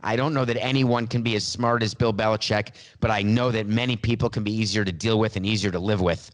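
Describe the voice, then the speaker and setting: A man's voice: on the low side, steady tone, quick pace, lightly acted. Man mocking a smug, money-minded star quarterback. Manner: smug, sarcastic mock press-conference speech. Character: mock star quarterback in his 40s, boastful and money-minded. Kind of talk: satirical impression in a sports podcast.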